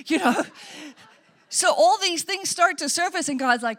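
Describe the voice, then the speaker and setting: High-voiced woman pastor preaching. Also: a little fast, pushed and bright. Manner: conversational, earnest preaching with asides and quotes. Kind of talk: sermon.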